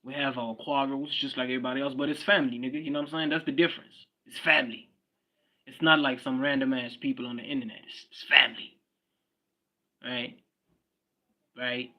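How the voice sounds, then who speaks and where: A man's voice: medium pitch, steady tone, fairly quick, long pauses, sharp tone. Slangy South African man livestreaming. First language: Swati. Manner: repeats himself, slangy and blunt, talks to viewers' comments. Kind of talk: casual livestream chat. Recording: dull lo-fi stream audio.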